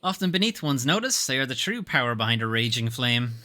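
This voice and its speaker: A man's voice: mid-range voice, sing-song, a little fast, sharp tone. A man live-streaming a video game, chatting wryly and reading the game text aloud. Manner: wry, swearing casually.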